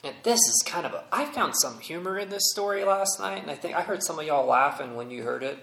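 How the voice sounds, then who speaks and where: Man, pastor, sermon, humorous storytelling, somewhat high voice, roomy church echo. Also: lively intonation, fairly quick, creaky, sharp tone.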